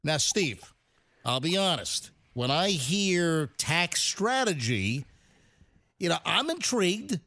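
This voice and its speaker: A man hosting a retirement money show, joking in a goofy, animated way. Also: a little high, slow pace, dry recording, clean studio sound. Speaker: show host. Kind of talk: casual radio-style talk.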